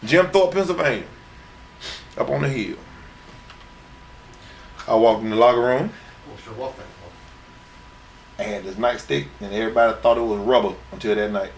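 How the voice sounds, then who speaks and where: The retired wrestler, middle-aged and seated for a shoot interview, speaks in a fairly low voice with fairly even intonation at a moderate pace, pausing often. He tells brash, profane stories from his wrestling years and acts out what others said, with a little hiss or hum behind him.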